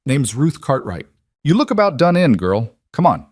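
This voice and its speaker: A man voicing a gruff older woman who runs a saloon, speaking in a gravelly, blunt, flat way for an audiobook. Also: mid-range voice, moderate pace, no echo, clean studio sound, pitched above the performer's own voice. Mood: gruff kind. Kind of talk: audiobook character voice.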